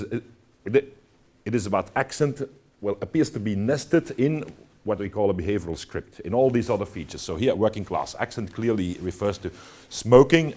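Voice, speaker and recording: A man's voice: lowish voice, darkish tone. A man lecturing to students, talking with many fillers and restarts and checking in with "all right?". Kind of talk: university lecture.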